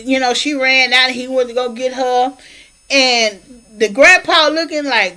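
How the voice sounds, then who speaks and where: A woman recapping a movie's plot in a casual, animated, colloquial way, slipping into character voices. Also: sits high, unhurried. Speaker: movie reviewer.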